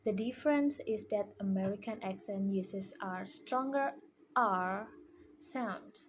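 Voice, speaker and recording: A young woman, a native Indonesian speaker, talks in English with an Indonesian accent in a very unhurried way. She presents her own class work carefully, stopping to repeat single words over and over to demonstrate them. Her pitch sits in the middle for a woman, and faint noise hangs behind her. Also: a little mellow, poor audio. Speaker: student.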